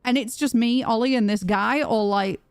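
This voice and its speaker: A young British woman streaming, telling a story to her chat in a chatty, animated way with plenty of restarts. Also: fairly high pitch, normal speed, clear, resonant tone, no echo, soft background music. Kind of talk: casual storytelling to a live chat.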